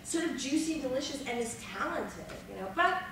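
A woman on a panel, telling animated, salty anecdotes to an audience in a large hall. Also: sits high, a little fast. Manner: animated storyteller, salty language. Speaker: guest on a panel. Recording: echoey hall from far off, noisy.

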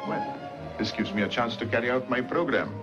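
An actor playing a principled prime minister in a 1950s film, speaking in a formal, measured and dignified way. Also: male voice, mid-range voice, lightly acted. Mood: calm. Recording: dull 1950s film soundtrack with music.

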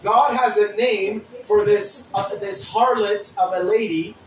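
High-voiced man preaching in an echoey room. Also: steady tone, far from the mic, a little hiss or hum. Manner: deliberate preaching with frequent restarts and scripture reading. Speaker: pastor. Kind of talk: sermon.

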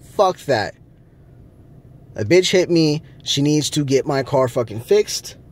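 Angry profane man ranting slowly. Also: on the high side, lively intonation. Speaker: vlogger. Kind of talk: casual vlog rant.

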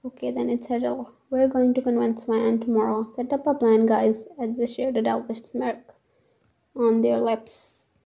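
A woman narrating a fan fiction story aloud in a flat, dramatic storytelling manner. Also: fairly high pitch, moderate pace, gravelly, rough recording.

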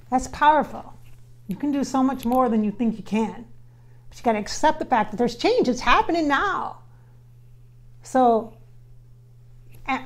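Earnest woman medium, slightly high voice. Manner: relays spirit's words in quotes, speaks to viewers as "you guys"; earnest, repeats phrases for emphasis. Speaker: spiritual medium channeling a spirit. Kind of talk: casual channeling session addressed to viewers.

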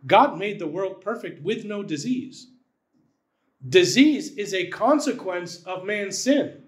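High-voiced man preaching a sermon. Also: animated, slow pace. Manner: conversational preaching, frequent "right?" asides. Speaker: pastor. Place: church.

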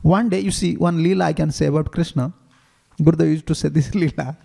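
A man, a monk, giving an animated devotional scripture class in simple, non-standard English, telling stories as he teaches. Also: fairly high pitch, brisk, gravelly, big-room sound. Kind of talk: devotional lecture with storytelling.

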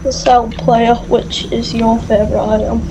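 A woman's voice: a little high, flat delivery, unhurried, background noise. A woman co-hosting a gameplay video, teasing and trash-talking her friend with playful laughs. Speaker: gaming video co-host. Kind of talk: casual gameplay chat.

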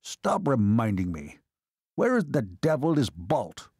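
A gruff and irritable older baron commander, as an audiobook narrator puts him on. He growls his words out in a testy way. The sound is close and dry. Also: mid-range voice, huge pitch swings, takes it slowly, a little mellow, no echo, exaggerated voice. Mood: irritated.

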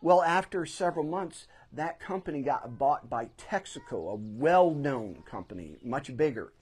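A middle-aged pastor preaching in a church, his voice sitting a little high for a man. He tells a story from his own life and leans hard on the phrases that matter. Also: lively intonation, normal speed, darkish tone, husky. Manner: storytelling, emphatic swells on key phrases. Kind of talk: sermon. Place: church sanctuary.

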